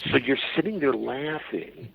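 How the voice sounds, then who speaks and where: A man telling an anecdote as a podcast guest, animated and profane and acting out voices. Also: medium pitch, measured pace, vocal fry, slightly rough, no room sound. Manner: animated, profane storyteller who acts out voices. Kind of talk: storytelling anecdote. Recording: dull, dry lo-fi.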